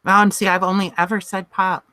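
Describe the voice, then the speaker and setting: A woman's voice: medium pitch, little pitch movement, brisk, pushed and bright, no echo. A woman with a Chicago accent and heavy S sounds, chatting casually on a video call and laughing easily. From Illinois. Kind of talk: casual chat.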